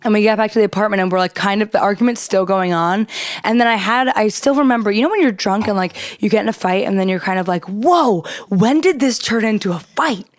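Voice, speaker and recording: Young woman co-hosting a podcast, chatting casually at a middling pitch. She tells stories with animation and acts out what she said in sudden high, squealing bursts. The recording is dry and close. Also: fast, no room sound. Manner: animated storyteller, acts out her own past lines in shrill, high bursts. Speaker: podcast co-host. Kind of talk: casual storytelling chat.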